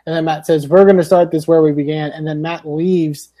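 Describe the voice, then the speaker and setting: Mellow-voiced man, sarcastic and profane. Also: fairly high pitch, steady tone, brisk, a little hiss or hum. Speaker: podcast co-host. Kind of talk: casual chat.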